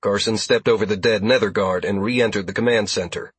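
A man narrating an action story as an audiobook reader, in steady, even storytelling. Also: lowish voice, a little fast, breathy edge, no echo. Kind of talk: scripted narration.

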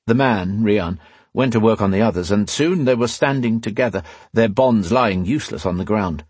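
A male narrator giving a measured, dramatic reading of a fantasy audiobook on a close mic. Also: lowish voice, a little mellow, breathy edge, no room sound.

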